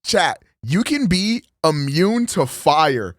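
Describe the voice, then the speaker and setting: A man streaming a casual, profane reaction commentary, rambling and animated. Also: fairly high pitch, slow pace, dry recording, studio quality. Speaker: streamer host.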